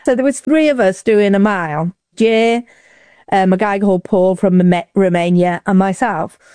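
Woman from Wales, chatty storyteller, mellow tone, dry close sound. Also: moderate pace, no room sound. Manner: lively, acts out quotes with big pitch jumps. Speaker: interview guest. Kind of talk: casual storytelling.

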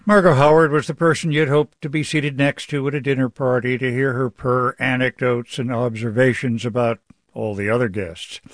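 A man's voice: medium pitch, flat delivery, moderate pace, dry recording, soft background music. A man hosting a radio news program, asking questions and reading a wry, affectionate essay. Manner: warm, wry storytelling.

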